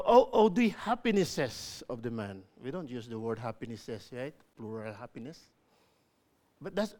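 Man preaching an expository sermon. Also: a little high. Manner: explanatory preaching with emphatic repetition. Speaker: pastor.

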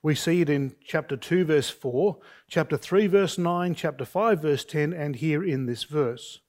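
Male pastor, expository sermon, slightly high voice, slow measured delivery. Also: darkish tone. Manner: deliberate, measured preaching with slow emphatic phrases; reads scripture aloud with raised pitch for quoted speech.

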